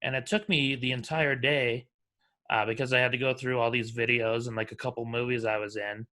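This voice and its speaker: A man's voice: mid-range voice, fairly even intonation, brisk, sharp tone. A man hosting a podcast, chatting casually in an easygoing, supportive way. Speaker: podcast host.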